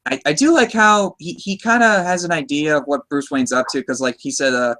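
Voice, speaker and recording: A man's voice: fairly high pitch, a little fast, bright, forceful tone. An American man hosting a casual movie discussion podcast, talking in a chatty, enthusiastic way with frequent restarts. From United States. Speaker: podcast host.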